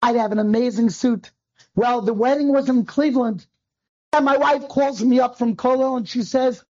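A man, a rabbi, telling a personal story to an audience and acting out the dialogue in quick, animated bursts. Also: very high voice. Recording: dull lo-fi recording.

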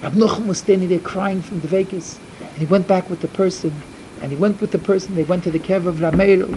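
A middle-aged man giving an emphatic storytelling sermon to a yeshiva, repeating his points and swinging from loud to hushed. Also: sits high, steady tone, fast, a little hiss or hum, rough recording. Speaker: yeshiva speaker.

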